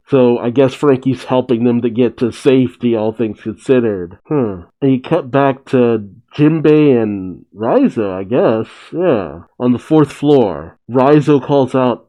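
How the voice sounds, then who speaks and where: Guy recapping a manga chapter, laughs a lot, dark mellow voice, kinda dull lo-fi mic. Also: medium pitch, measured pace, hardly any pauses. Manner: chatty, laughs often, stumbles and corrects himself. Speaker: manga reaction host.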